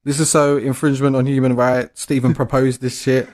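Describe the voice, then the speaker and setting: A man's voice: medium pitch, flat delivery, fairly quick, a little mellow. A young man, co-hosting a podcast in casual chat, blunt and profane as he rants about the news. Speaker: podcast co-host.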